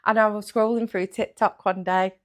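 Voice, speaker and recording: A young woman tells her story as an interview guest. She is blunt and jokey, swears freely and slips into quick quoted asides. She is pregnant. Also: medium pitch, steady tone. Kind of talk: casual interview chat.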